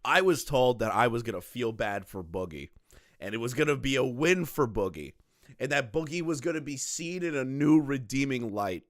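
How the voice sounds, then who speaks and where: A man's voice: medium pitch, lively intonation, moderate pace, no room sound, clean studio sound. A man hosting a reaction commentary, ranting, swearing and laughing often, his voice strained. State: strained voice, not back to normal. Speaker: commentary host.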